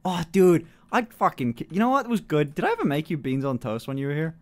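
A young man bantering on a stream, exasperated and laughing. His pitch swings widely as he reacts, and he talks in a loose, casual way. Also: big pitch swings, quick pace, darkish tone. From England. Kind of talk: casual chat.

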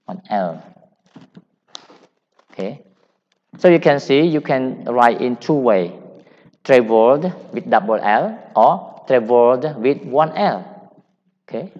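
A man with a Cambodian accent teaching English grammar, explaining slowly and repeating each point. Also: medium pitch, animated. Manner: slow, repetitive, deliberate explaining. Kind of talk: grammar lecture. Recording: dull sound in a long-reverb hall.

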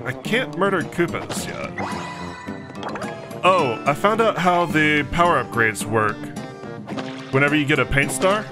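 A man's voice: on the high side, lively intonation, unhurried, long pauses, music in the background. A man from Texas giving casual, joking gameplay commentary with chatty, self-mocking asides. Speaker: let's play host.

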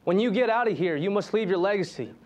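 A man's voice: sits high, animated, fast. An American man, a Marine on a panel, exhorting future leaders in an earnest, motivational way.

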